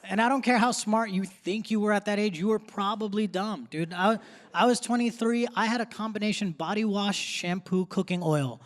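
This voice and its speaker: High-voiced young comedian on stage. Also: male voice, moderate pace, in a large hall, a little hiss or hum. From grew up in Texas. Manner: punchy, conversational delivery with crowd asides. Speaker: stand-up comedian. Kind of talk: stand-up set. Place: theater stage before a live audience. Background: audience laughter.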